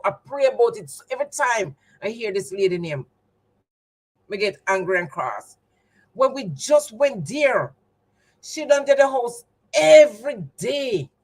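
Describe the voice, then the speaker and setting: The audio is poor as a woman of medium pitch with a Jamaican accent recounts something personal for her livestream audience. As host, she leans into emphasis and repetition, much like giving testimony.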